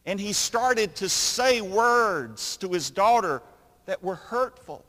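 A man preaching a sermon, telling a story slowly with dramatic pauses between phrases. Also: high-pitched, animated, fairly bright tone, in a large hall.

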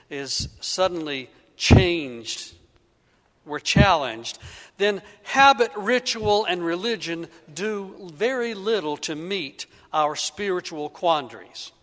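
A man's voice: high-pitched, fairly bright tone. A male pastor preaching a sermon, telling a story with frequent restarts and repeated words. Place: church sanctuary. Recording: echoey church sanctuary.

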